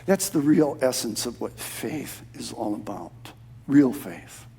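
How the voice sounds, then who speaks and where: A man preaching a sermon in a church, voice sitting at an ordinary middle pitch. He moves from a quiet, low delivery to loud, shouted emphasis and back again. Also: animated, takes it slowly, creaky, slightly rough. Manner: impassioned, swings from hushed to shouted emphasis. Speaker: pastor.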